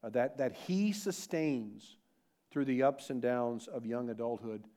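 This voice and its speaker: A middle-aged man preaching a sermon as pastor, animated, asking rhetorical questions and shifting between emphatic and quiet delivery. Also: medium pitch, measured pace.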